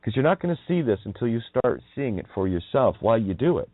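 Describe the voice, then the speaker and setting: A man's voice: medium pitch, big pitch swings, fast, no room sound. A man hosting a radio show, delivering a rambling, profane monologue in a mocking manner, chuckling between sing-song wordplay. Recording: tinny phone-like audio.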